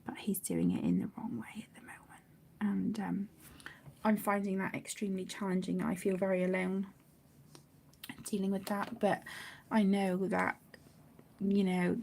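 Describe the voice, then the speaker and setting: A woman hosting a colouring live stream, speaking softly and haltingly, often close to a whisper, emotional and near tears. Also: medium pitch, vocal fry, a little hiss or hum. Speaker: colouring channel host. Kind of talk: casual live-stream chat while colouring.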